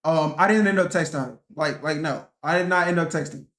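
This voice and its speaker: High-voiced young man ranting. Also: fairly quick. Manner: profane, animated, rambling. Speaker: vlogger. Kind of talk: casual rant storytelling. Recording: echoey room.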